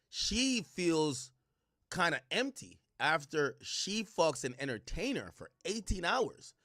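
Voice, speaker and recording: A man's voice: medium pitch, sing-song, measured pace, bright, forceful tone, no echo, clean studio sound. A man hosting a livestream, reading out court testimony and reacting with profane, incredulous asides. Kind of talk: casual commentary livestream.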